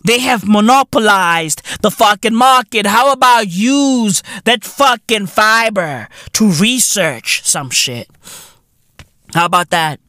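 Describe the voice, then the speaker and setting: A South African man hosting a podcast, ranting in a profane, mocking way and often shouting. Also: high voice, no room sound, clean studio sound. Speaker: podcast host. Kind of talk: comedic rant.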